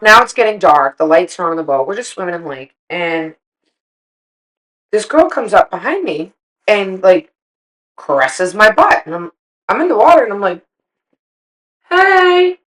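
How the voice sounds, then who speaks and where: A middle-aged woman co-hosting a casual chat, telling animated, profane stories and acting out what people said. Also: medium pitch, normal speed, long pauses, rough recording. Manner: animated, profane storytelling with acted-out quotes. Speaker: podcast co-host.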